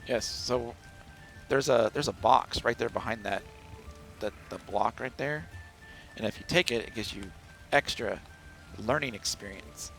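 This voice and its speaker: A man's voice: medium pitch, a little slow, creaky, a bit bright, low-quality recording. A man from the central United States streaming a game from home, chatting and rambling to himself as he plays. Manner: chatty, rambling, talks to himself while playing. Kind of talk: casual gameplay commentary. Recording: stream with background music.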